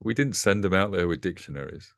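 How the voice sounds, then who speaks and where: A man's voice: sits low, lively intonation, fairly quick, no echo. An English man co-hosting a casual chat, making dry, wry quips. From England. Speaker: co-host.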